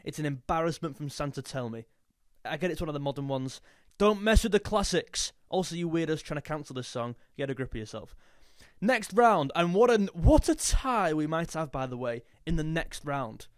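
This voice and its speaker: A young male music YouTuber chats in a jokey, casual way, now and then breaking into a snatch of song. His fairly high voice is animated and fairly quick, recorded with studio quality and no room sound.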